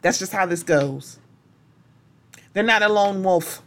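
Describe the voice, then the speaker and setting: A woman's voice: fairly low pitch, moderate pace, long pauses. A woman hosting a solo podcast, talking in an impassioned, blunt way and not holding back on strong language. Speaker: podcast host.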